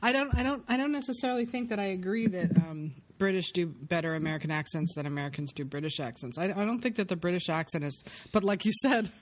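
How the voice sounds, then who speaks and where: A woman talks in a lively, playful way, chatting casually with friends about acting. She laughs easily and keeps the conversation moving. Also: lowish voice, quick pace, few pauses. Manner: animated, laughs often, playful.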